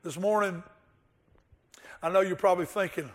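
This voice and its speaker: High-voiced male pastor preaching. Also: steady tone, a little slow, a bit bright. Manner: earnest, storytelling, rhetorical questions. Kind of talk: sermon.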